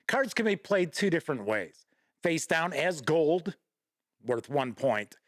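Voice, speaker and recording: This man's voice has a fairly high pitch, captured in a dry recording with clean studio sound. As host of a live-streamed gaming news show, he's chatty and folksy, calling out viewers by name and reading out news.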